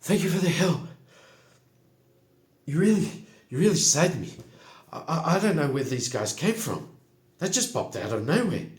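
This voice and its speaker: A man voicing a frightened male butcher who stammers and begs in a high, panicked voice. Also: sing-song, moderate pace, long pauses. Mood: flustered, grateful. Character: terrified pleading male butcher. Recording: echoey room.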